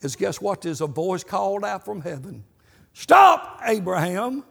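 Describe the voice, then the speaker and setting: A man's voice: high-pitched, normal speed, gravelly, darkish tone, long reverb tail. A man preaching a sermon, telling folksy stories and punctuating them with amens. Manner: folksy storytelling, repeated amens. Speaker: pastor.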